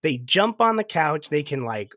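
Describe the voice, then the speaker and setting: A man's voice: on the high side, sing-song, moderate pace, a bit bright, no echo, studio quality. A young man co-hosting a podcast, retelling movie scenes in casual chat, laughing often and swearing. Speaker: podcast co-host recapping a movie.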